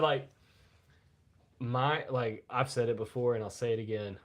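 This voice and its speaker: A man's voice: medium pitch, fairly even intonation, a little slow. A middle-aged man co-hosting a casual live podcast, telling profane, rambling stories and coughing now and then after a bout of pneumonia. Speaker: podcast co-host.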